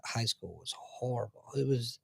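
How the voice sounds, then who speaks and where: A man co-hosting a podcast in casual chat, agreeing supportively and finishing his partner's sentences, often trailing off quietly. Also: medium pitch, moderate pace, vocal fry, husky, dry recording. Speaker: podcast co-host.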